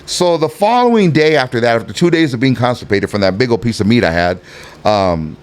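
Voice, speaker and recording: A middle-aged man spins a long, animated story in a relaxed interview. His pitch leaps up and down as he acts out everyone else in the tale, and he swears freely along the way. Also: brisk. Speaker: guest telling a story. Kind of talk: casual storytelling.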